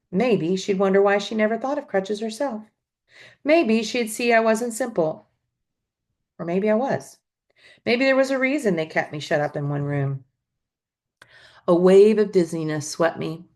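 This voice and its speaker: A woman teacher reading a novel aloud to students with expressive storytelling. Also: mid-range voice. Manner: expressive storytelling, adds asides.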